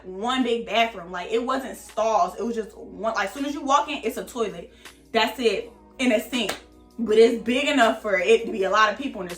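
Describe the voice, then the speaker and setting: A young woman telling a story in a casual, slangy vlog, animated and chatty. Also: sits high, reverberant. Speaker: vlogger.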